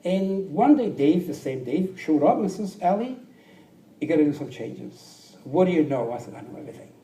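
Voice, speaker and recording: Un hombre con acento extranjero cuenta su historia en una sala amplia. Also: male voice, on the high side, moderate pace. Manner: animated, acts out quoted people, drops to near whispers. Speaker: speaker telling his life story. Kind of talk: storytelling talk to an audience. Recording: roomy, distant mic with faint background noise.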